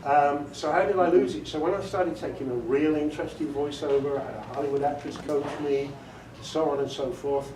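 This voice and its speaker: A middle-aged English voiceover artist with a slightly high, fairly even, a little mellow voice speaks fairly quickly with few pauses. In a meeting room with an audience, he chattily tells jokey stories, laughs often, and answers questions. The recording is roomy and distant with background noise.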